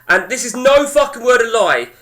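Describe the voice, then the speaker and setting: A man's voice: extremely high pitch, sing-song, normal speed, bright, forceful tone. A man, telling a rambling, sweary story to his chat as a game streamer.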